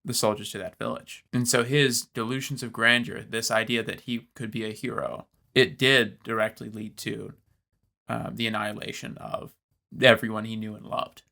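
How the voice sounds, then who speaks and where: A man's voice: on the low side, steady tone, normal speed, vocal fry, sharp tone. A man co-hosting a podcast in casual film discussion, reflective and hesitant with many fillers. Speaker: podcast co-host.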